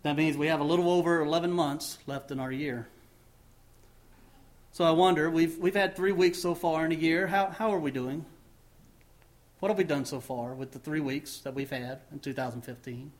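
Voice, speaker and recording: A male pastor preaching with a slightly higher voice than most men. He fires questions at his congregation, swells on key words and lets each phrase end sink quietly. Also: steady tone, normal speed. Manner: rising emphasis then dropping low at phrase ends; asks the congregation many questions. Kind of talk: sermon and closing prayer.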